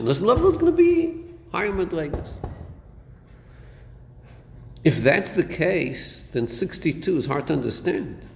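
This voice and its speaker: A man's voice: high-pitched, very animated, unhurried, creaky, long pauses. Man teaching in an echoey hall. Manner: questioning, rhetorical, mixes Hebrew terms into English. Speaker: Torah teacher. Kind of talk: classroom lecture on Chassidic text. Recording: echoey hall recording with faint noise.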